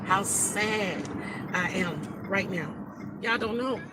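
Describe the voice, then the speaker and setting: A woman's voice: mid-range voice, slow pace. A woman live streaming while she drives, rambling, blunt and swearing heavily, upset and fighting back tears. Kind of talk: emotional live-stream monologue. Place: inside a moving car. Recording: loud road and engine noise.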